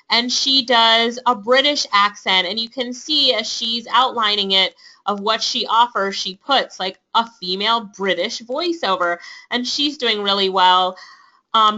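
A woman hosting a live webinar and pitching an online class, upbeat and persuasive, laughing often. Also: pushed and bright. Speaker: webinar host and online business instructor. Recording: dull lo-fi webinar audio.

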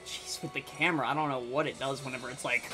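A man's voice: mid-range voice, fairly even intonation, fast talker. A man hosting a gaming channel, giving casual let's-play commentary and thinking aloud to himself in a muttering way. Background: faint game music.

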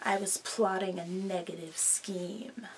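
A woman's voice: a little high, expressive, a little slow, a little hiss or hum, pitched below the performer's own voice. A woman voicing a grumpy, sulky female figure of negativity who mutters with scorn, in a homemade comedy skit. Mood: scornful.

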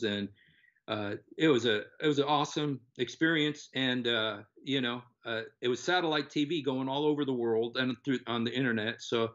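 An older man telling his personal story in an earnest, halting way, full of pauses and fillers. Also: medium pitch, a bit bright. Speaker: interviewee, former TV presenter. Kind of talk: personal testimony. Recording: dull lo-fi recording.

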